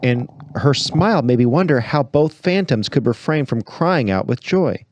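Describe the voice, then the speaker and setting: A man's voice: mid-range voice, expressive, moderate pace, hardly any pauses, a little mellow, dry recording. A man hosting a podcast, reading a book aloud and then discussing it with earnest, preacher-like emphasis. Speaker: podcast host.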